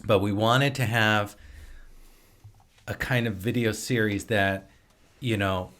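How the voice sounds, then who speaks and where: A man from Wisconsin, a filmmaker and actor, chatting as a podcast guest in a relaxed, rambling storytelling way. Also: lowish voice, slow. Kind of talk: casual conversation.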